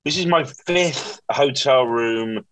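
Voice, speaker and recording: A man's voice: medium pitch, slow, a bit bright. A tired-sounding man with a Bristolian accent hosts a casual, joking podcast, rambling and poking fun at himself. His voice sits in a middle register, and it is recorded close and dry with no room echo. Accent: Bristolian English. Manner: chatty, self-mocking, with many fillers. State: weary. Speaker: podcast host. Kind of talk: casual comedy podcast chat. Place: hotel room.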